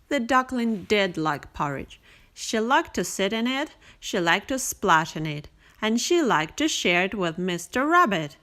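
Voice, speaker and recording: A woman reading a bedtime picture book aloud, gentle and expressive, with sing-song repetition. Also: mid-range voice, a little slow. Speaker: storyteller. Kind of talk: bedtime story read aloud.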